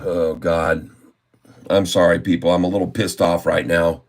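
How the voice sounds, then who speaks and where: A man's voice: low voice, level tone, normal speed. Day trader guy muttering and swearing at his screen, casual vlog talk. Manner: grumbling, cursing, exasperated muttering. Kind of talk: casual live trading commentary.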